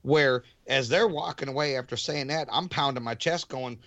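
A man's voice: mid-range voice, moderate pace, a bit bright, muffled recording. A man co-hosting a casual podcast chat who rambles through his stories and restarts his sentences often. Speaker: podcast co-host.

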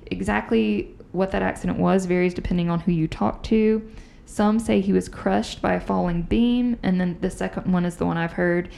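A woman's voice: fairly low pitch, moderate pace, creaky, hardly any pauses. A woman hosting a podcast, telling ghost stories in a chatty, casual way. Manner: chatty, animated storyteller. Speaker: podcast host. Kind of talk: casual chat, storytelling.

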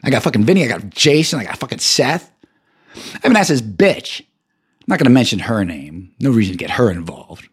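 A man hosting a podcast alone, ranting angrily and profanely, his voice jumping high when he gets heated. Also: big pitch swings, fairly quick, breathy edge. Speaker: podcast host. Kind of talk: angry solo rant.

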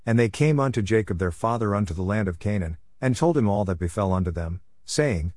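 A man reading scripture aloud in a steady, measured way, giving the archaic text an even delivery. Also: fairly low pitch, no room sound, studio quality. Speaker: scripture reader.

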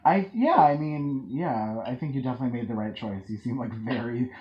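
A woman hosting a podcast, chatting in an animated way, joking and swearing casually. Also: very deep voice, fairly quick, muffled recording. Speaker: podcast host.

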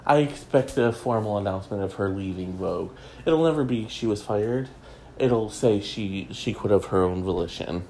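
A man's voice: fairly low pitch, moderate pace, dark tone, slight background noise, rough recording. A man hosting a casual solo gossip show from home, chatty and rambling with a self-mocking streak. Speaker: gossip podcast host.

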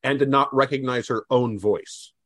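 A man's voice: medium pitch, fairly even intonation, moderate pace, fairly bright tone, no room sound. A man co-hosting a podcast, giving casual critical commentary on a TV show in a sarcastic, wry way. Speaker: podcast co-host.

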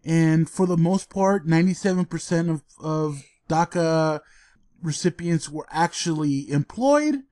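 A man's voice: fairly high pitch, unhurried, warm tone, dry recording, studio quality. A man co-hosting a podcast in casual chat, laid-back and laughing often. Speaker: podcast co-host.

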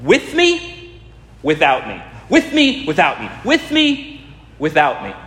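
A man imitating an overacting male action hero, urgent and intense, with dramatic leaps in pitch. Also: wildly swooping pitch, slow pace, a bit bright, exaggerated voice. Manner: dramatic pleading, pitch leaping up. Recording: echoey hall with long reverb.

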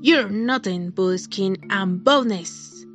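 A woman's voice: on the high side, lively intonation, takes it slowly. A woman reading as a crafty old witch. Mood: menacing. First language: Spanish. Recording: muffled lo-fi recording with music.

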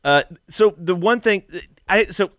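A man's voice: sits high, a bit bright, dry recording, clean studio sound. A young man co-hosting a casual movie review chat, enthusiastic and opinionated. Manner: enthusiastic, opinionated, quick asides. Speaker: podcast co-host.

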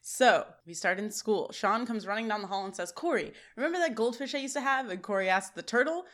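A woman's voice: fairly high pitch, expressive. A woman co-hosting a podcast, retelling sitcom scenes in casual chat and laughing often. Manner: giggly, retells scenes with quick quoted lines. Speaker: podcast co-host.

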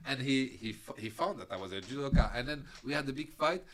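A middle-aged man, a podcast guest telling animated stories in broken English and laughing often. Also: medium pitch, fairly quick, very noisy. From France. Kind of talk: casual interview chat.

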